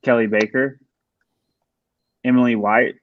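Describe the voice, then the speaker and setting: A man's voice: medium pitch, fairly even intonation, measured pace, no echo, highs cut off. A man hosting a podcast, talking through competition standings in a casual, analytical way. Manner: talkative, analytical. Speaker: podcast host.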